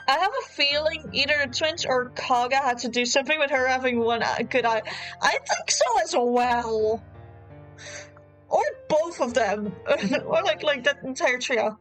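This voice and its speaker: A woman's voice: high-pitched, expressive, unhurried, fairly bright tone, faint music behind, low-quality recording. A woman streamer reading a dating sim aloud and adding wry, amused asides, on a close desk mic.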